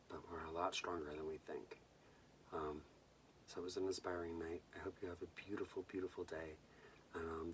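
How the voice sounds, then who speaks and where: A young man from Southern California hosting a bedtime movie vlog, telling a personal story in a soft, hushed way that often drops to a whisper. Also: low-pitched, recorded from a distance, slight background noise. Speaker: host.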